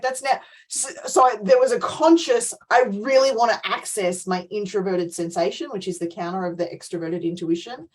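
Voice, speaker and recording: A middle-aged woman coach talking in a casual group discussion, animated and ranting, often laughing between points. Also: medium pitch, poor audio.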